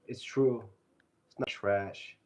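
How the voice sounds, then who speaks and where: A man's voice: fairly low pitch, fairly even intonation, slow pace, a little mellow. A man on a casual live stream, reading out viewer comments and answering them loosely and playfully into his phone. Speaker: fitness streamer.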